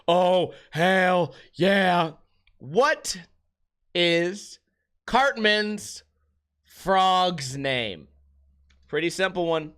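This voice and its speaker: Animated profane young man telling stories. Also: sits high. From United States. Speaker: vlog host. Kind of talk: casual chat.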